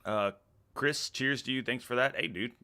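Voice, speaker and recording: A man's voice: medium pitch, normal speed, gravelly, sharp tone, smooth. A man in his thirties with a Texan accent, chatting casually on a live stream and reading out viewer comments, rambling and laughing a lot. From Texas, USA. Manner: rambling, laid-back, laughs often, trails off mid-sentence.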